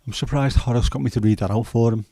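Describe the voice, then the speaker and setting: A man in his fifties with a Scouse accent and a hoarse throat, hosting a casual chat livestream in a rambling, jokey way with many fillers. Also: mid-range voice, steady tone, quick pace, mellow, no room sound. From Liverpool, England. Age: 50s. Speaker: livestream host.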